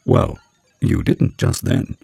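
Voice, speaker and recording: A man voicing a sardonic male computer that speaks flatly and matter-of-factly. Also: slow pace, no room sound, faint music behind, close to an everyday voice. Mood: deadpan. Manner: flat, dry, matter-of-fact.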